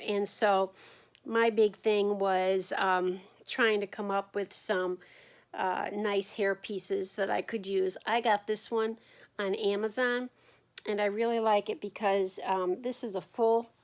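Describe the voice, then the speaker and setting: A woman sharing her experience in a casual video diary, talking to the camera at home in a tired, unhurried way with frequent ums and yawns. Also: mid-range voice. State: fatigued from chemotherapy. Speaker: vlogger sharing her chemotherapy journey.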